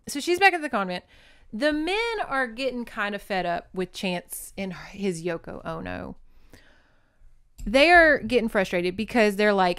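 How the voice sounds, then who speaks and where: A woman's voice: mid-range voice, sing-song, a little slow, a bit bright, clean tone, no echo, studio quality. Chatty sarcastic woman podcaster. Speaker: podcast host. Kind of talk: casual book recap.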